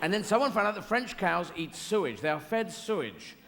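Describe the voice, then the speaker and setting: Rambling stand-up, gravelly, live hall. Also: male voice, high-pitched, big pitch swings, a little fast, fairly bright tone. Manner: rambling, whimsical, slips into silly voices. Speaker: stand-up comedian. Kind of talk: stand-up comedy routine. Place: large theatre stage. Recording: live theatre recording with audience noise.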